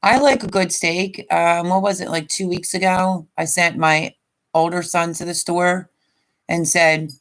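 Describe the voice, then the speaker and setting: Chatty, lower-pitched woman live-streaming. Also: steady tone, measured pace, a bit bright. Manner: chatty and rambling, reads viewer comments aloud. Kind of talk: casual live-stream chat.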